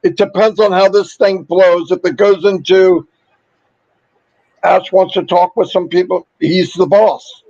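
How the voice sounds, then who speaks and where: A man with a fairly high voice hosts a casual livestream, upbeat and chatty as he rattles through shout-outs. His voice is wearing thin from overuse. The sound is dry and a little muffled, with no room echo. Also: fairly even intonation, measured pace. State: losing his voice. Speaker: livestream host.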